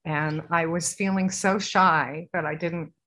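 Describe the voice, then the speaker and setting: Bright-voiced woman, earnest and rambling. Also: lowish voice, fairly even intonation, unhurried. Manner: rambling, earnest, soft-spoken spiritual talk. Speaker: podcast guest. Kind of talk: casual interview chat.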